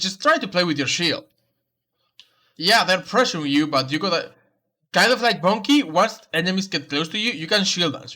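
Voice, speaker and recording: A man reviews a player's match as a coach, talking through tactics and saying the key points more than once. His voice is fairly high and very bright. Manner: instructive, repeats key advice. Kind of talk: coaching commentary over gameplay.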